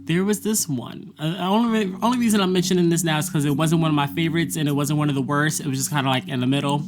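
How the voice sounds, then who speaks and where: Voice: mid-range voice, fast. Sassy, profane vlogger with faint music. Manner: blunt, profane and sassy, laughing often. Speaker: vlogger recapping a college semester. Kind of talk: casual monologue.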